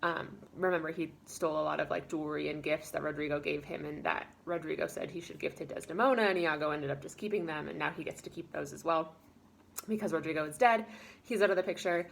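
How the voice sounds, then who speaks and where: A woman's voice: sits low, fast, vocal fry, a little hiss or hum. Chatty woman teaching a casual lesson. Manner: chatty and informal, with many fillers, paraphrasing characters in quoted lines. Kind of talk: casual spoken lesson summary.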